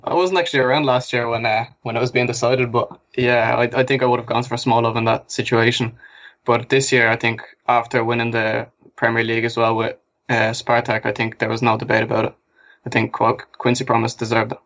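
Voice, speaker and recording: A man with an Irish accent, a podcast guest, talking in a relaxed, plain way. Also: mid-range voice, fairly quick, dull audio. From Ireland. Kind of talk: casual podcast chat.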